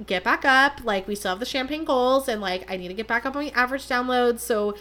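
A woman's voice: fairly high pitch, brisk, a bit bright. Chatty self-mocking young woman podcaster. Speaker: podcast host. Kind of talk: casual solo podcast chat.

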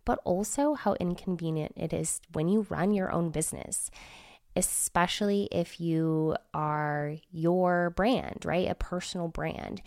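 A woman's voice: low-pitched, creaky, a little mellow, no echo, clean studio sound. A woman hosting a solo podcast while sick with a cold, talking in a chatty, candid way with her voice nasal and scratchy. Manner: chatty, candid, with filler words. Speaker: podcast host and business consultant.

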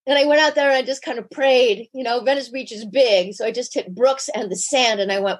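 A woman guest in an interview, telling a personal story candidly and animatedly, acting out quoted lines. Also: brisk. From United States. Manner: animated, shifts pitch sharply when acting out quotes. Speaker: podcast guest.

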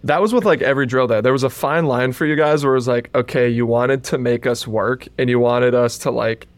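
A man's voice: mid-range voice, fairly even intonation, a little fast, no room sound. A man co-hosting a podcast, telling rambling stories full of "like" and laughter. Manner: rambling, lots of "like", laughs often. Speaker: podcast co-host, former player. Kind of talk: casual storytelling chat.

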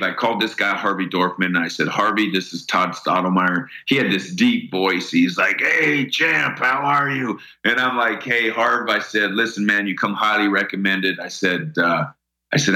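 A man's voice: low voice, bright, forceful tone, echoey room, low-quality recording. A middle-aged man telling an earnest personal story as an interview guest, often repeating words as he starts a sentence.

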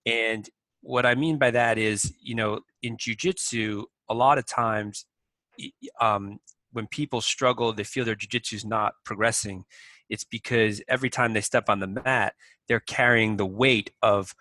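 A man being interviewed talks through his ideas with energy, acting out his own inner voice and often restarting sentences. His tone is bright and forceful. The recording is dry and close, with no room sound. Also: on the low side, normal speed, no room sound, low-quality recording. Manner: animated storyteller who acts out his inner thoughts, many restarts. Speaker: guest, company president. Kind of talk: conversational interview.

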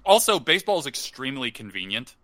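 A man's voice: medium pitch, very animated, quick pace, sharp tone, a little hiss or hum. A man in a casual podcast chat, rambling and repeating words as he talks.

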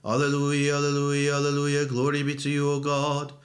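A man intones psalms and liturgical chant in a church service. His voice sits fairly high for a man and stays almost completely flat in pitch, with the steady rhythm of liturgical recitation. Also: moderate pace, a loud crowd.

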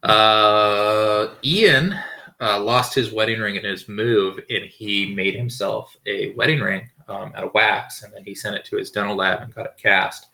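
Creaky, pushed, and bright, this man's low voice moves a little slowly with fairly even intonation. He's in his thirties and hosting a podcast at home, dogs barking nearby, spinning rambling stories full of fillers and swearing.

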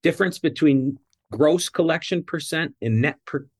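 A man's voice: a little high, breathy edge. A male guest, a coaching company executive, explaining financial terms in a methodical way. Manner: measured, methodical, some fillers. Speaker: dental practice coaching CEO, guest. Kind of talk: explanatory interview answer.

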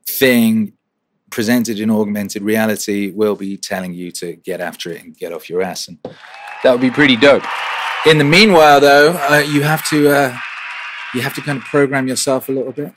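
A man hosting a weekly question-and-answer livestream, chatting casually, swearing and repeating phrases for rhythm. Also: fairly low pitch. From England.

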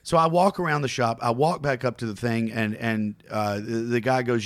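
A man co-hosting a podcast, telling a shopping story in a casual, animated way and acting out what other people said. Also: medium pitch, normal speed, no room sound, clean studio sound. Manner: animated anecdote teller, mimics other people. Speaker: co-host.

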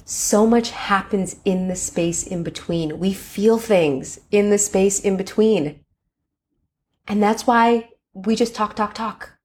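A woman hosts a coaching podcast in a mid-pitched voice. She talks expressively and slips into lively acted-out examples. Her delivery is warm with enthusiasm but stays conversational. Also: slow pace. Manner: expressive, acts out enthusiastic quotes. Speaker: podcast host. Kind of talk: coaching monologue.

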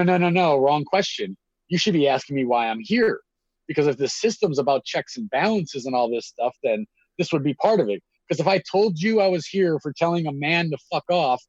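A man's voice: fairly high pitch, no echo, lo-fi sound. A man telling a long story in casual conversation. He rambles and swears freely.

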